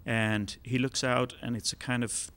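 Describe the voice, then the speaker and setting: A man telling a long joke on stage in a relaxed, rambling way, with fillers. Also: medium pitch, measured pace. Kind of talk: told joke, live storytelling. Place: concert hall.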